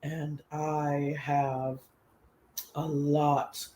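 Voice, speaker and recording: Woman doing a stoic female tech founder, low put-on voice, slow and measured, roomy echo. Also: slight background noise. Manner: slow, deliberate, flat delivery.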